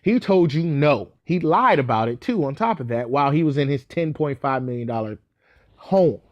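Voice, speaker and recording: A man's voice: a little high, animated, moderate pace, no room sound, highs cut off. Blunt, sarcastic young man podcasting. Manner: blunt and sarcastic, with frequent fillers and restarts. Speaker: podcast host. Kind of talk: opinionated solo podcast commentary.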